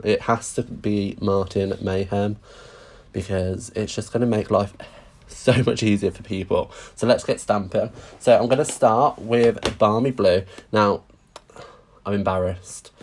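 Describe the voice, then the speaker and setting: A man chatting casually through a live-stream stamping craft demonstration, greeting viewers and making self-deprecating asides. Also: low-pitched.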